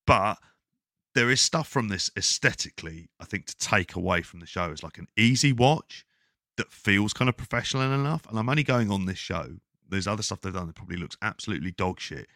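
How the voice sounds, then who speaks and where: A man co-hosting a casual wrestling podcast, talking in a sweary, rambling, animated way. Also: sits low, no echo, clean studio sound. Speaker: podcast co-host.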